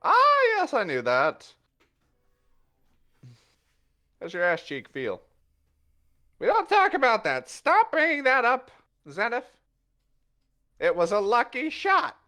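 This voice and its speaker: A man's voice: wildly swooping pitch, measured pace, pauses often, bright, forceful tone, exaggerated voice. A man doing a boastful cat rogue. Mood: defensive. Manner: preening, overexcited, high squeaky exclamations.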